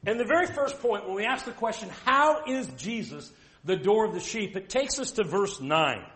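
A man preaching a sermon, emphatic and direct, asking the listeners rhetorical questions and reading scripture aloud slowly. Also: high voice, animated, a bit bright.

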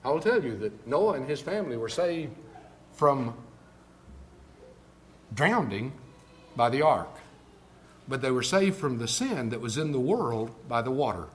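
An older man preaching a sermon, moving between quiet storytelling and loud, emphatic declarations. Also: mid-range voice, big pitch swings, a little slow, long pauses, slight background noise.

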